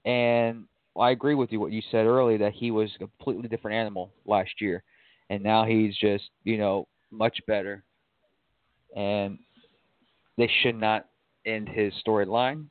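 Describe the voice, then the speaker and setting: A man's voice: on the low side, level tone, moderate pace, dry recording. A man co-hosting a casual wrestling talk podcast, opinionated and blunt. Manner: opinionated, swears casually, laughs along. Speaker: podcast co-host. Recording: tinny phone-like line, dry.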